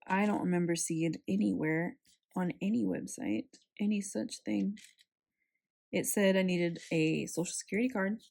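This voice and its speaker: A young woman chatting casually while setting up her planner, telling a story with animated, sarcastic quoted voices. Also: on the low side, vocal fry. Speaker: planner vlogger.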